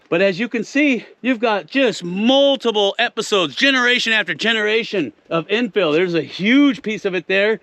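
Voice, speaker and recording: A man's voice: sits high, expressive, normal speed, a bit bright. A man hosting an outdoor geology lesson, pointing out rocks at an old mine site in a casual, instructive way. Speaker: host explaining geology. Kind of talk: outdoor teaching walkthrough.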